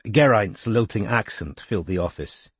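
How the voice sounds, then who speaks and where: A man narrating an audiobook in a measured, even reading. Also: fairly low pitch, husky, no echo. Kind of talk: scripted narration.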